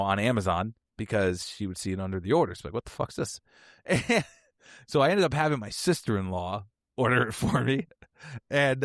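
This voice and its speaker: A man hosting a podcast, telling a funny personal story in a casual, animated way and laughing often. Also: lowish voice, dry recording, clean studio sound. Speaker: podcast host.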